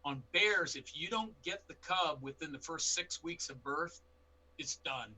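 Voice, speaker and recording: Bright-voiced man telling bear stories. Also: fairly high pitch, unhurried, husky, rough recording. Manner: animated anecdotes with quoted dialogue. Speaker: bear expert guest. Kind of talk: storytelling in a panel interview.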